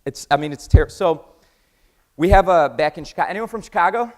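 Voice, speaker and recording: An American man giving an energetic conference talk, quizzing the audience and acting out conversations. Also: a little high, fairly quick. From United States. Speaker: conference speaker. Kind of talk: keynote talk with acted-out dialogue.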